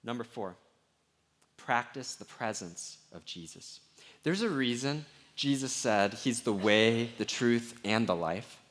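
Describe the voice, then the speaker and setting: A middle-aged man preaching a sermon as pastor, candid and conversational, sometimes dropping to a hushed voice. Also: mid-range voice, takes it slowly.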